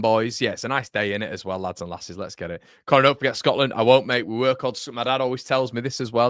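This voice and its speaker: In clean, studio-quality audio with no room sound, a man of medium pitch and fairly bright tone hosts a fan livestream. He rambles casually, reads viewer comments aloud, catches and corrects himself, and refers to viewers as "mate."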